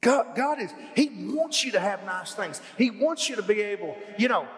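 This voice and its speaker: High, expressive man, folksy preacher, echoing hall. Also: moderate pace. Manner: folksy, animated preaching with rising emphatic questions. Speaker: pastor. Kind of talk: sermon. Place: church hall.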